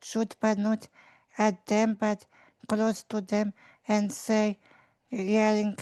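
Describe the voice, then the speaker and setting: Brief: woman player, slow and halting, flat, smooth voice, dry sound. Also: medium pitch, no room sound. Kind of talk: casual chat.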